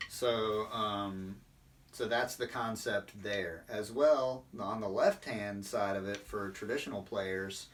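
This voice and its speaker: Low-voiced man teaching drum technique. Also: slow pace, fairly bright tone, distant mic. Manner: explanatory, many fillers, instructive. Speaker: percussion instructor. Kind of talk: online drum line lesson.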